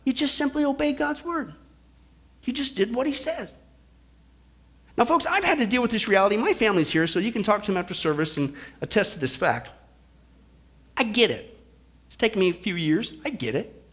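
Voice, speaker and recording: Male preacher, folksy joking sermon delivery, high pitched and bright. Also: sing-song, fairly quick, long pauses. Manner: folksy and joking, with shifting emphasis. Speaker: pastor. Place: church.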